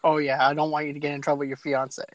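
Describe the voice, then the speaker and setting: A male podcast host chats easily and laughs often while leading the interview. His voice is a little higher than most men's. The audio is dull and lo-fi, with a dry sound. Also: flat delivery, very fast, no room sound. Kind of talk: casual interview chat.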